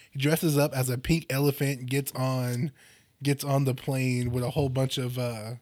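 A man's voice: mid-range voice, little pitch movement, normal speed, darkish tone, no room sound. Laughing man retelling comic plots. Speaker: podcast host. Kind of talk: casual chat about comics.

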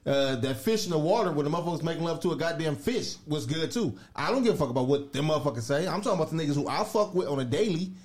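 A man's voice: a little high, expressive, racing, few pauses. A man co-hosting a podcast who argues bluntly and stammers through restarts. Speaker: podcast co-host. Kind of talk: casual debate chat.

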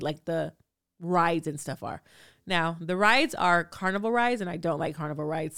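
Woman podcaster from LA rambling through a story, smooth voice, dry close sound. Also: fairly low pitch, fairly bright tone, dry recording. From Los Angeles. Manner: chatty, storytelling, many fillers. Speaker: podcast host. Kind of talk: solo podcast chat.

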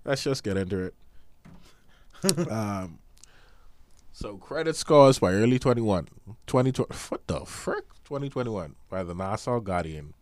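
A man's voice: on the low side, expressive, unhurried, pauses often. A man co-hosting a casual podcast, reading news items aloud with small stumbles and a slightly nasal voice from sinus trouble. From Bahamas. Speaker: podcast co-host.

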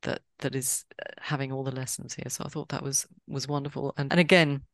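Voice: medium pitch, little pitch movement, fairly quick, no room sound. A podcast host talks casually with an author, chatty and cheerful, often circling back to rephrase mid-sentence. The voice sits mid-range and sounds dry and close, with no room around it. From Britain. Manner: chatty, with frequent restarts and a cheery tone. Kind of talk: casual interview chat.

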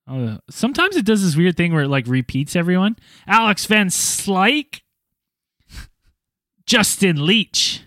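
A man's voice: high voice, sing-song, measured pace, a bit bright, no echo, clean studio sound. A man co-hosting a casual podcast, reading out listener reviews and plugs in a laid-back way. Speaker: podcast co-host.

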